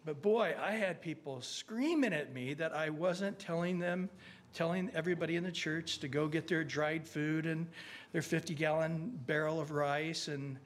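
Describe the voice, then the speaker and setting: A man's voice: fairly high pitch, moderate pace. A middle-aged man preaching a conversational sermon as a pastor, earnest and folksy, often restarting his sentences and acting out prayers in his own voice.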